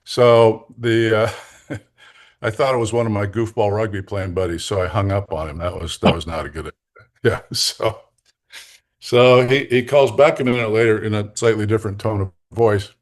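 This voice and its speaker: Older man, lowish voice, animated storyteller. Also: moderate pace. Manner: animated, jokey, laughs between lines. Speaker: guest, executive coach. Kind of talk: anecdotal storytelling in a podcast interview.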